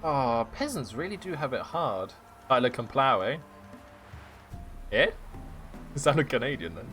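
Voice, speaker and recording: A man's voice: mid-range voice, sing-song, takes it slowly, pauses often, a bit bright, faint music behind. A man streaming a video game, joking and teasing through playful commentary. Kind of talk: gameplay commentary.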